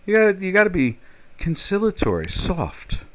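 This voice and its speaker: A man's voice: medium pitch, lively intonation, normal speed, a bit bright. An older man chatting casually as a trader on a live stream, rambling and joking, with many fillers and restarts. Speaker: trader hosting a live chat.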